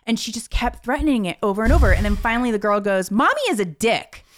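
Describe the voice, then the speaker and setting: A woman in her thirties in casual chat, telling a story with lively quoted voices. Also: a little high, fast talker. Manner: animated storytelling, acting out quotes.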